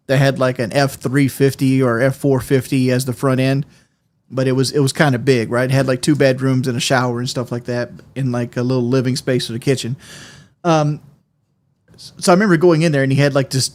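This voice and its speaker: A male game streamer in loose livestream chat, pitched in an ordinary middle range. He rambles from story to story and swears freely. He breaks into easy laughter as he goes. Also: darkish tone. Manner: rambling, profane, quick to laugh.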